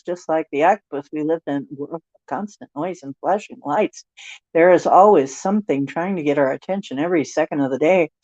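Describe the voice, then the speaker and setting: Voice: medium pitch, darkish tone. An older tarot reader on a livestream, reading card texts with rambling, joking asides. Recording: dry, dull lo-fi stream audio.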